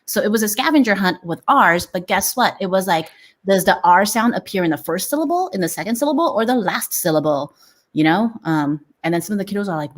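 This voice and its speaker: Animated woman teacher chatting. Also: medium pitch, fairly quick. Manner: lively, animated storytelling with quoted kids. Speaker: teacher and co-host. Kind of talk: casual chat.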